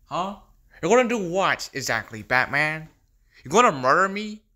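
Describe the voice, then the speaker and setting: A man's voice: a little high, very animated, normal speed, bright, forceful tone. A man voicing an unhinged, gleeful male clown villain in a fan impression skit, taunting in a sing-song way, swinging between whispers and squeals, with a cackling laugh.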